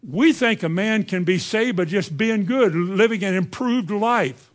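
A man's voice: sits high, unhurried. A man preaching a sermon, driving his points home with rhetorical questions to the congregation.

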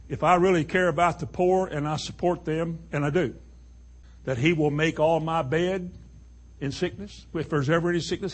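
A man's voice: a little high, husky. A man preaching a sermon to a congregation, emphatic and full of rhetorical questions.

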